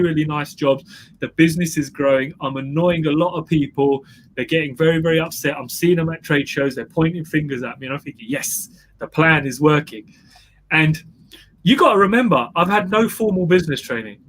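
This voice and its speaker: A man's voice: fairly high pitch, a bit bright. A man with a slightly raised voice, speaking emphatically and driving his points home through repetition. He tells his story in a conversational interview. A faint hiss runs under the recording. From England. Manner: emphatic, repeats phrases for effect. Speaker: guest entrepreneur.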